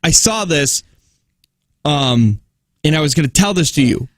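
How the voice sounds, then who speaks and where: A man co-hosting a morning radio show, chatting in animated banter with frequent laughs and restarts. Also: on the high side, unhurried, dry recording, clean studio sound. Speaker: radio co-host. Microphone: studio mic.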